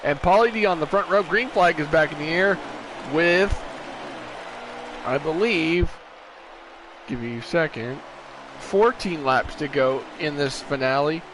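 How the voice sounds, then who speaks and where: A man's voice: on the high side, unhurried, long pauses, noisy background. A tired man doing casual play-by-play commentary for an online racing stream, rambling and correcting himself as he goes. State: tired, yawning. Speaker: race commentator.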